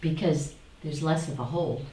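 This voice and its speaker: A woman spiritual teacher leading a class, animated, repeating phrases in mock voices and asking the students questions. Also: low voice, normal speed, slight background noise. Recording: echoey room, mic far off.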